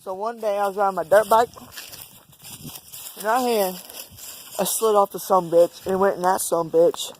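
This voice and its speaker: A man's voice: high voice, steady tone, moderate pace, long pauses, a little hiss or hum, low-quality recording. A young man, joking and cursing while telling a story outdoors. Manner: joking, profane. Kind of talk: casual chat.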